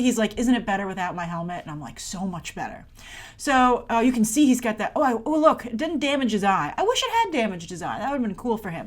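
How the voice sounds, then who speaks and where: Chatty sarcastic woman reviewing a trailer. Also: mid-range voice. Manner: chatty and sarcastic, acting out characters' lines in quick asides. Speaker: movie review host. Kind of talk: casual trailer breakdown commentary.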